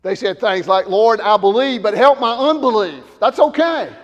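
A man preaching a sermon to a congregation, swinging from loud shouted emphasis down to low, quiet asides. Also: animated, normal speed, in a large hall, lo-fi sound.

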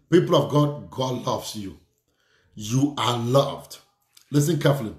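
A man's voice: a little high, sing-song, a little slow, a bit bright, roomy sound. A man preaching a sermon, fervent and repetitive, speaking declarations and prayer over his listeners.

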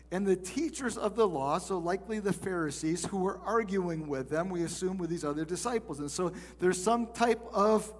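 A man's voice: sits high, long reverb tail. A male pastor teaching a sermon in a conversational way, reading scripture and acting out the people in it.

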